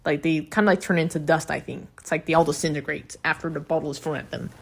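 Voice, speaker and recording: A woman's voice: deep voice, steady tone, fast talker, gravelly, husky. A woman giving a casual, chatty recap of a cartoon episode, with blunt, profane reactions. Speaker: video reviewer.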